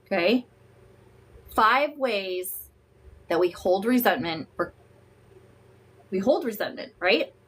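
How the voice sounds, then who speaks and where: A woman's voice: medium pitch, expressive, takes it slowly, pauses often, fairly bright tone, slightly rough. A woman coaching viewers through a live-streamed talk. She is frank and emphatic, swears freely, and greets viewers by name. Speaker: host and emotional wellness coach.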